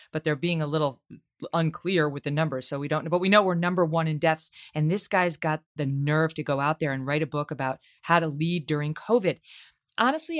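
A woman hosting an interview podcast, talking in an incredulous, pointed way. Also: low voice. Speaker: podcast host. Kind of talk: interview conversation.

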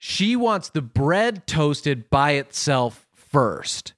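A man who is a podcast guest, chatting casually in a self-deprecating way with lots of halting restarts. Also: on the high side, very animated, a bit bright, no echo, studio quality. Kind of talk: casual comedic chat.

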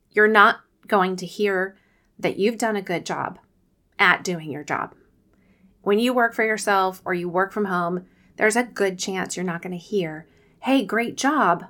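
A woman's voice: fairly low pitch, a bit bright. Earnest woman coaching moms on a podcast. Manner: earnest, coaching, often acts out quotes. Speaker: podcast host. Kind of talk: podcast talk, faith-based advice.

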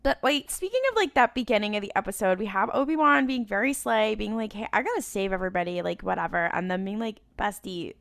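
A woman chatting casually as a podcast co-host, excitable and slangy, acting out characters in quick asides. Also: medium pitch, creaky, no echo, studio quality. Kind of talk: casual chat.

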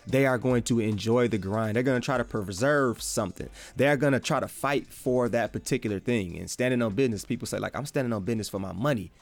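A man with a Midwestern accent hosting a casual faith podcast, talking excitably in slang and repeating his phrases. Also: medium pitch, fairly quick, hardly any pauses, soft background music. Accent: Midwestern American. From American Midwest. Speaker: podcast host.

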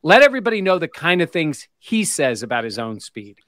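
Bright-voiced male sports host. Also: on the high side, sing-song, fairly quick, no echo. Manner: leads the panel, tosses questions to co-hosts. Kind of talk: casual sports talk.

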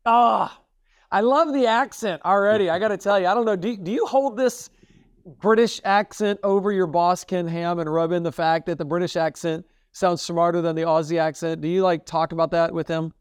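A man's voice: high-pitched, steady tone, normal speed, clean tone, no room sound, clean studio sound. An enthusiastic man hosting a faith podcast, upbeat and repeating himself for emphasis. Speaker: podcast host.

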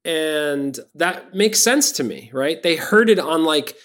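A man's voice: fairly high pitch, lively intonation, slow, a bit bright. A man talking as a podcast guest, making emphatic points, repeating them and often agreeing briefly. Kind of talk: casual conversational chat.

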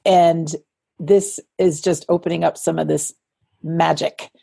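A woman hosts an interview, steering her guest with gentle questions. Her voice is very low, dark and mellow. It has a strong gravelly rasp. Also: fairly even intonation, unhurried. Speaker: podcast host. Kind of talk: interview conversation.

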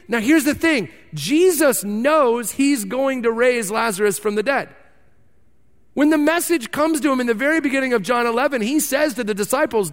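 A man preaching a sermon as pastor, emphatic and animated, repeating words for stress. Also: very high-pitched, normal speed. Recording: long reverb of a large hall.

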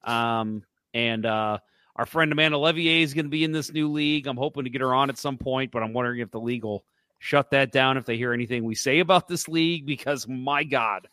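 A man's voice: medium pitch, brisk, pushed and bright, clear, resonant tone, no room sound. Male podcast co-host, mid-range voice, blunt and fed-up, cursing casually; dry close-mic sound. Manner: blunt, exasperated, swears freely. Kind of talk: casual hockey podcast chat.

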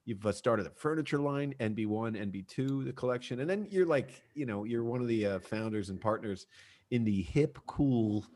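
A man hosting a podcast, joking and energetic, talking loosely with lots of filler words. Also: mid-range voice, moderate pace. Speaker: podcast host. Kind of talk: casual interview chat.

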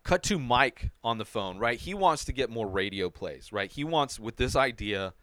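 A man's voice: medium pitch, animated, moderate pace, sharp tone, no room sound, studio quality. A man hosting a TV episode recap podcast, talking casually and animatedly with lots of fillers. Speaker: podcast host.

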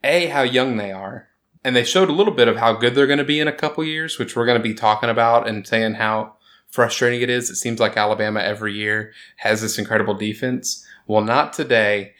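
Rambling, animated male podcast host. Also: mid-range voice, brisk. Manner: rambling, animated, self-interrupting. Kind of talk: casual sports podcast chat.

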